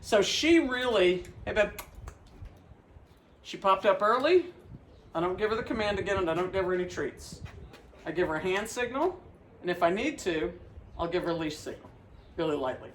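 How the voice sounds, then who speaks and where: A man's voice: high-pitched, animated, normal speed, long pauses, fairly bright tone, slight background noise, low-quality recording. A man working as a dog trainer, patiently explaining a hands-on training demonstration and cheerfully praising the dog between steps.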